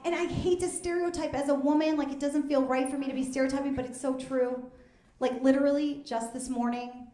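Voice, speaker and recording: A woman, doing a deadpan, conversational stand-up comedy set on stage at a live fundraiser show. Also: high-pitched, a little fast. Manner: deadpan, conversational, drops into asides. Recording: echoey room with loud audience noise.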